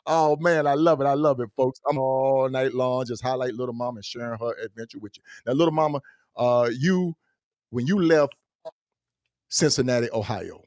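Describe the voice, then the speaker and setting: A man hosts a live podcast in an excitable, slangy way, calling out shout-outs to listeners. His voice sits in a middle pitch. The sound is close and dry, with no room around it. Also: moderate pace, dry recording. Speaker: podcast host. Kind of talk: casual live podcast chat.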